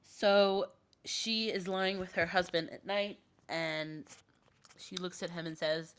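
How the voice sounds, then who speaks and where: A woman's voice: on the low side, fairly even intonation, slow, a bit bright, smooth. A woman hosting a podcast, with a cough, casually retelling a myth in a rambling, filler-heavy way. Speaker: podcast host.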